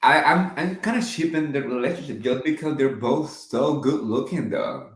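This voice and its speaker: A man's voice: mid-range voice, normal speed. A man hosting a casual gossip chat, talking eagerly with lots of laughter and fillers. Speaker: host. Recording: roomy echo.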